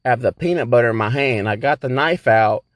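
A man's voice: medium pitch, fairly quick, no room sound, clean studio sound. A man hosting a podcast, telling a rambling, profane story in a laid-back, casual way. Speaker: podcast host.

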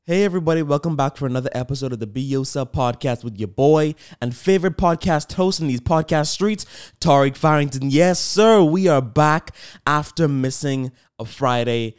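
A young man hosts his own podcast, chatting to listeners in an upbeat, rambling solo talk. His voice is a little high and clear with a resonant tone, moving at a moderate pace over soft background music.

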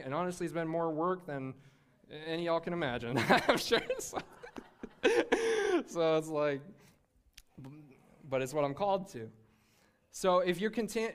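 A young man preaching a sermon in a lively, conversational way, often restarting his sentences. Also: fairly high pitch, smooth.

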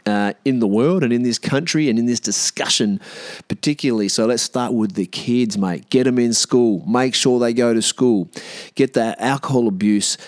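A man's voice: mid-range voice, a little mellow, dry recording. An Australian man hosting a solo podcast rant from inside a caravan, blunt and swearing freely, with lots of "mate" and restarts as he thinks aloud. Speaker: podcast host. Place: in a caravan with the doors open.

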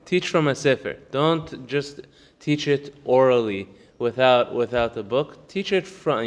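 A man's voice: mid-range voice, big-room sound, a little hiss or hum. A man giving a casual Torah class, reading a text aloud and explaining it in English, often laughing. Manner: reads quickly in Hebrew, then explains in English with laughs. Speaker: Torah teacher.

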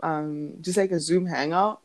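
A young woman chatting casually, telling an animated story, acting out what others said and laughing often. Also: deep voice, unhurried, no room sound. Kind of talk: casual chat.

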